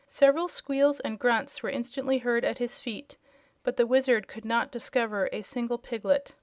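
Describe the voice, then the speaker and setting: A woman narrating a storybook in a clear, even read-aloud manner. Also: a little high, normal speed, no echo. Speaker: audiobook reader.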